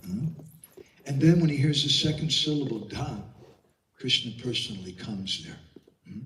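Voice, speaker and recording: A man's voice: lowish voice, measured pace, echoey room, distant mic, noisy background. A man giving a devotional lecture, telling stories with quoted voices and asking rhetorical questions. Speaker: Vaishnava speaker giving a class.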